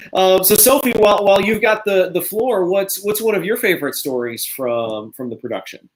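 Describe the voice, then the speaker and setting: A man's voice: sits high, animated, moderate pace. A man hosting a casual online cast reunion, friendly and often repeating words as he restarts a sentence. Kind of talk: casual interviewing chat.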